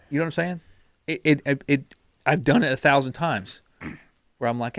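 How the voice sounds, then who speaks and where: With a fairly high voice that swings widely in pitch, this podcast co-host talks at a moderate pace, leaving long pauses. His casual motivational chat about discipline and following a plan is blunt and mildly profane, with repeated words on restarts, recorded at studio quality with no room sound.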